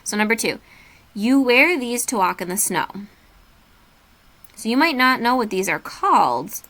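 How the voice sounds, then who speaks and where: A woman teaching a reading lesson remotely speaks in a slightly high, sing-song voice that is unhurried but sharp in tone. She patiently guides her students through a worksheet, spelling words out one letter at a time.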